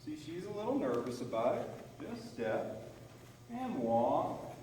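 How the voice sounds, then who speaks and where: Horse trainer, man, calm and coaching, heard from a distance in a roomy arena with faint noise. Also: a little high, slow pace. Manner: calm, explains to viewers while soothing the horse. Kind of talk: training demonstration with commentary.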